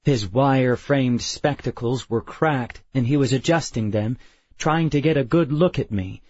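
A man narrating a first-person audiobook in a measured, unhurried manner. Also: medium pitch, a little mellow, no room sound. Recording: dry, slightly dull studio.

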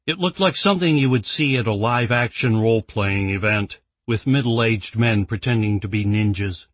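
A man narrating an audiobook in an even, measured storytelling voice. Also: fairly low pitch, no echo. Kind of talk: scripted narration.

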